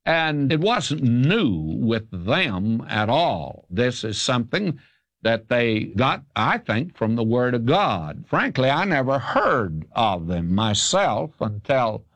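A man's voice: medium pitch, big pitch swings, slow pace, fairly bright tone, dry recording. An older man from the South, answering listeners' questions as a radio Bible teacher in an emphatic, folksy way. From American South.

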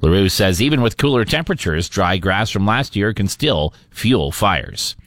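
Male radio newsreader, low voice, lively pitch, dry close sound. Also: no echo. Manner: steady, measured newsreader delivery. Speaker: radio news anchor. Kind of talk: scripted newscast reading.

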